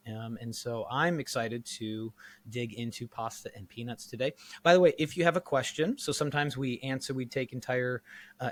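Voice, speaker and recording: A man co-hosting a nutrition podcast in casual chat, his voice hoarse and rambling earnestly with restarts. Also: medium pitch. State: hoarse, partly lost voice. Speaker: podcast co-host. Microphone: studio microphone.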